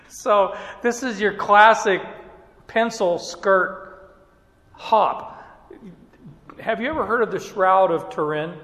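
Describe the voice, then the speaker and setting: A man teaching from the Bible in a relaxed, conversational way, often chuckling between points. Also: high-pitched, slow, long pauses. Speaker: preacher. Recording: echoey hall reverb.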